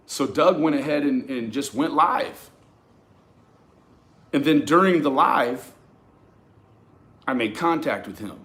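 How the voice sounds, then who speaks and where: A man telling a personal story to his viewers in a casual, profane, animated way, often restarting his sentences. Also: mid-range voice, slow pace, pauses often. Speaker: YouTube commentator.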